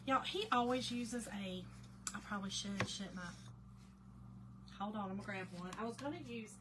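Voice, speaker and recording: A woman's voice: mid-range voice, normal speed. A woman hosting a casual live craft demo, greeting viewers by name and muttering to herself while she works. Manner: chatty, warm greetings to chat viewers, often drops to quiet mutters while concentrating. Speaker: craft livestream host. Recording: noticeable background noise.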